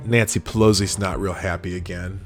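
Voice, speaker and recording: A man hosting a live show, casually reading headlines aloud and adding sarcastic, rambling commentary. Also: deep voice. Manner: rambling and sarcastic, with frequent fillers and restarts.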